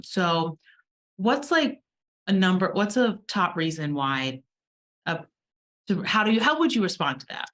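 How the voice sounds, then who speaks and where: A woman's voice: lowish voice, very animated, measured pace, long pauses, a bit bright. A woman hosting a casual podcast, chatty and laughing easily as she interviews a guest. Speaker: podcast host and law firm owner.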